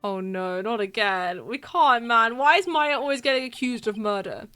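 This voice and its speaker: A woman streamer chatting excitably and laughing often while playing through a video game live. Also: on the high side, moderate pace, few pauses, smooth. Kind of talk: live game playthrough commentary.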